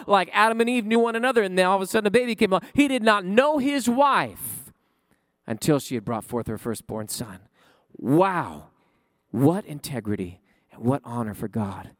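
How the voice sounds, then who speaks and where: A man preaching a sermon with passion, repeating phrases and swinging his pitch up and down. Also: no room sound. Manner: impassioned preaching with sudden pitch swings and repetition. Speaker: pastor.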